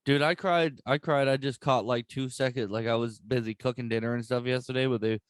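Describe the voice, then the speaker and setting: A young man hosting a podcast in casual chat, excitable and profane, rambling with lots of restarts. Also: medium pitch, brisk, clear, resonant tone, no echo.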